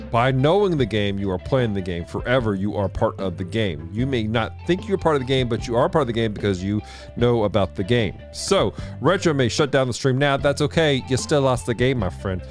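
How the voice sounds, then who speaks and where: Man, casual livestream chat, lively swooping pitch, laughs a lot, faint music behind. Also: moderate pace. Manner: animated, laughs often, reads viewer comments aloud. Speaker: game streamer and show host.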